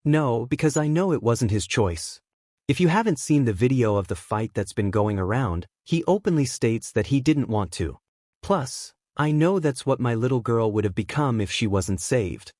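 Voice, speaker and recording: A tired, blunt hero-teacher speaks in a dry monotone, a father set on protecting his child, played by a man reading a story aloud. The voice sits at an ordinary male pitch. The recording is close and dry, with no room sound. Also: normal speed, no room sound, natural voice.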